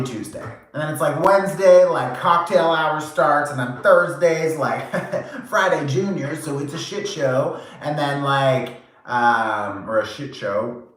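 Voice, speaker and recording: A man giving a channeled tarot reading, animated and casual, acting out quoted reactions, swearing now and then and laughing often. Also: a little high. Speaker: tarot reader. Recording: very echoey room.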